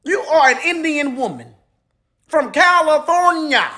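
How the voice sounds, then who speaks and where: Slow, high-pitched mocking woman. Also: expressive, fairly bright tone. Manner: emphatic and mocking. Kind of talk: mocking commentary.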